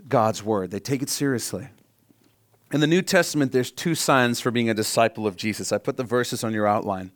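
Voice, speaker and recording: A man delivering a sermon, teaching earnestly and putting rhetorical questions to his listeners. His voice sits at a middling pitch. The sound is dry and close, with little room around it. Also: dry recording. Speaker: pastor.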